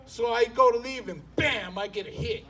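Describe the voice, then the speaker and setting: Male stand-up comic, high voice, profane animated storyteller who acts out his characters. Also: normal speed, distant mic, crowd noise. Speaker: stand-up comedian.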